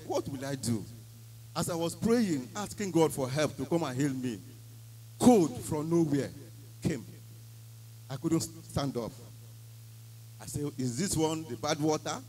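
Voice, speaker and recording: A man's voice: a little high, a little mellow, slight background noise, low-quality recording. Emphatic Nigerian man giving testimony. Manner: emphatic storytelling, Nigerian Pidgin phrases. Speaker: church member giving testimony. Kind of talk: church testimony.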